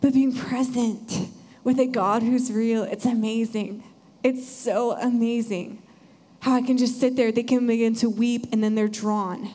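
A woman's voice: a little high, a little slow. Young woman giving an earnest testimony. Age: young adult. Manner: earnest, animated storytelling. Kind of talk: church testimony talk. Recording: hall reverb.

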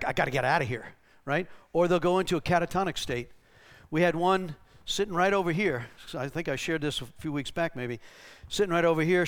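Higher-voiced pastor telling stories in a sermon. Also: male voice, clean tone. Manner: conversational, tags lines with "right?", acts out the voices in his stories. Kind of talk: sermon teaching with anecdotes. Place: church.

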